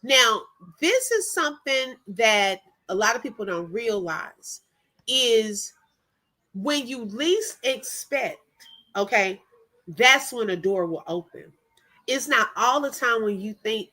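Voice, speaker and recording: A woman hosts a reaction stream and talks unhurriedly. Her voice sits a little high and bright. She keeps pausing to check in with "okay?". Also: lively intonation, poor audio. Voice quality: chatty, drops in frequent "okay?" check-ins. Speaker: reaction channel host. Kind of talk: casual commentary.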